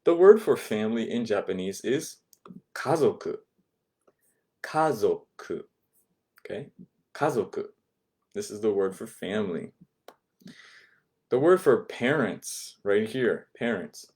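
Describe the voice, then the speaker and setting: Low, mellow-voiced man teaching a language class. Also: animated, a little slow. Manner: patient, repeats words and checks with "okay?".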